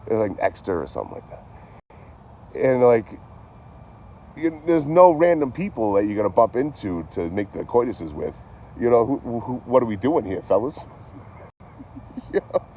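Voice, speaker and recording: A man's voice: mid-range voice, expressive, normal speed, pauses often, a little mellow, slight background noise. A man telling a long story to his live chat in a rambling, laid-back way, swearing constantly and thanking viewers along the way. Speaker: livestreamer telling stories.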